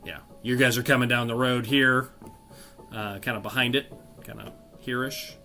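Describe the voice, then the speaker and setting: A man runs a tabletop game, describing the scene in a loose, hedging way and leaning on "kind of" and "like." His voice is bright and forward, with mid-range pitch. A faint instrumental track sits in the background. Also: fairly even intonation, normal speed, soft background music. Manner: loose, hedging narration with fillers. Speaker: game master.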